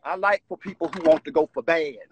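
A man's voice: fairly high pitch, fairly quick, slight background noise, low-quality recording. A man ranting on a live stream from home into his phone, agitated, repetitive and profane.

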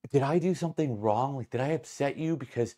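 A man's voice: mid-range voice, a little fast, dark tone, pitched above the performer's own voice, lightly acted. A man voicing a short, brazen female bartender who stammers while pleading with customers.

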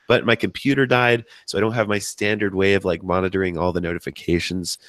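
Podcast host, male, hoarse from a cold, chatty and upbeat, dry close-up sound. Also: fairly even intonation, quick pace, fairly bright tone, no echo. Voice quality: deep from sickness. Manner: chatty, upbeat, wanders off topic. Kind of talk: live podcast hosting.

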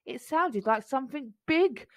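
Storybook bear, big and grumpy, grumbles his lines slowly, as a woman reader voices him. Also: medium pitch, lively intonation, no echo, lightly acted. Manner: grumbling, gruff.

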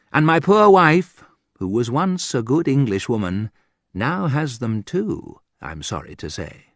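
A man's voice: fairly low pitch, breathy edge, no echo. A man reading a humorous essay aloud with a dry, ironic delivery. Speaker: narrator.

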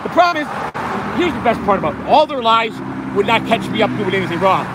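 A man's voice: high-pitched, very animated, fast talker, very noisy. A man hosting a livestream, ranting angrily and profanely while walking outside on his phone. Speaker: host. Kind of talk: angry livestream rant. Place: outdoors, walking in hot sun.

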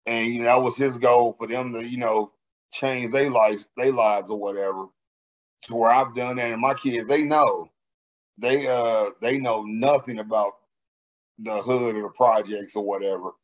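Profane, animated man telling stories. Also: medium pitch, moderate pace, muffled recording. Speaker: podcast co-host. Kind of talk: casual podcast banter.

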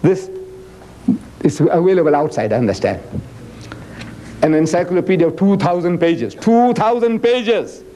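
A South African man lectures a live audience on religion in a fairly high yet mellow voice. He jumps between playful back-and-forth, mock dialogues and rapid Arabic recitation. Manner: animated, acts out dialogues and teases the audience; recites Arabic scripture quickly between English lines. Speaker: Islamic preacher and lecturer.

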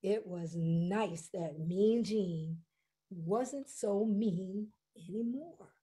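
A woman storyteller telling a story to families in an expressive, unhurried way. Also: medium pitch, husky.

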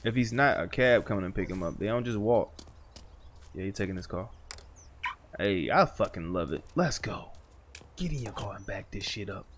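A man's voice: fairly low pitch, animated, moderate pace, pauses often, a little hiss or hum. A man doing let's play commentary, reacting with slangy, profane banter as he plays. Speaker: gaming commentator.

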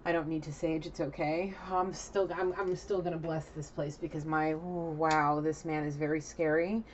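A woman with a lowish voice gives a spiritual reading, talking emphatically and casually with plenty of swearing. The recording sounds a little dull, with a faint hiss underneath. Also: fairly even intonation, normal speed. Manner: emphatic, profane, chatty. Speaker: psychic reader. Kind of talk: spiritual card reading to camera.

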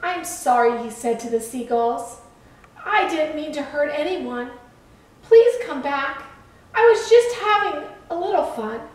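A woman's voice: high-pitched, animated, a little slow. A woman voicing a playful, earnest male lighthouse in a children's storybook. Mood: sorry. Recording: echoey room, far from mic.

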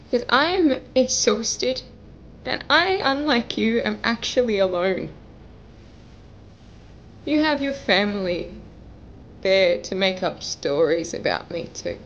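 A woman's voice: mid-range voice, animated, takes it slowly, pauses often, dull audio, slight background noise. A young woman vlogger making an emotional message to camera, pleading and tearful, her voice breaking as she cries at times. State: crying at times.

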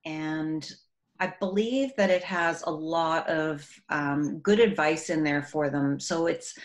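Low-pitched middle-aged woman, educator, earnest and warm-hearted interview delivery, lively in anecdotes. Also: slow. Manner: earnest, animated when telling classroom stories. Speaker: author and educator. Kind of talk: recorded interview.

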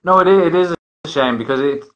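A man's voice: fairly high pitch, brisk, fairly bright tone, low-quality recording. Rambling man. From northern England. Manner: rambling, many restarts and fillers. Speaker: host. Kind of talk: casual chat.

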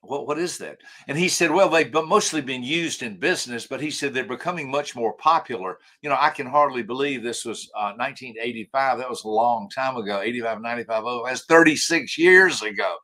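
An older man with a bright, forceful voice tells a story as a podcast guest. He is animated and acts out each quoted line, stumbling over his restarts as he goes. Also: mid-range voice, fairly quick, hardly any pauses. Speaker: guest, author and trainer.

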